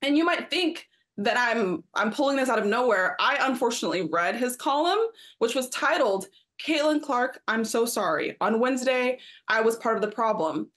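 A woman's voice: fairly high pitch, lively intonation, moderate pace, few pauses, fairly bright tone. A woman co-hosting a sports talk show, arguing her point emphatically and acting out quotes in mocking voices. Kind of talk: studio discussion.

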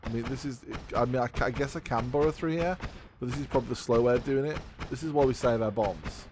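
A man giving casual let's play commentary while thinking aloud, excitable and swearing often. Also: medium pitch, fast talker, a little hiss or hum. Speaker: gaming video creator.

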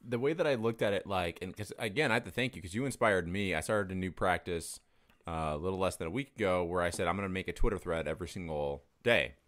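A man's voice: low voice, fast, a bit bright. A young adult man in casual conversation, talking candidly and rambling, swearing freely as he tells stories.

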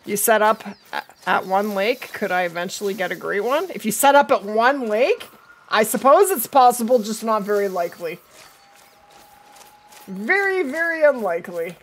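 A woman's voice: medium pitch, animated, normal speed. A middle-aged woman streaming a hunting game live, chatting with viewers and answering their comments as she plays.

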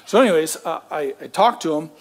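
A man's voice: on the high side, expressive, fairly quick. A man who is a pastor, telling a story in a sermon in a casual, self-deprecating way with joking asides. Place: church.

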